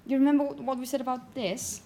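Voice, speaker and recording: Brief: higher-voiced woman, classroom phonetics teacher, encouraging, light background hiss. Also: little pitch movement, quick pace, mellow. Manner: encouraging, calls on students by name. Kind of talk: classroom pronunciation lesson.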